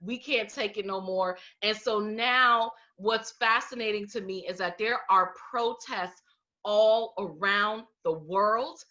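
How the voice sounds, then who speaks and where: Blunt, sarcastic woman with a bright voice. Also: medium pitch, takes it slowly, dull audio. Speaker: podcast co-host. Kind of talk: casual podcast chat.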